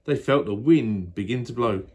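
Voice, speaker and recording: A man's voice: mid-range voice, normal speed, a little mellow. An older man reading a children's storybook aloud in a playful, jokey way, making up words as he goes. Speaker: storybook reader.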